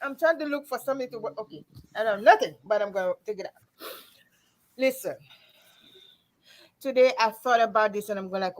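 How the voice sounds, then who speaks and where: A woman's voice: fairly high pitch, brisk, pauses often, poor audio. A woman telling her personal testimony on a talk panel, earnest and laughing through emotion.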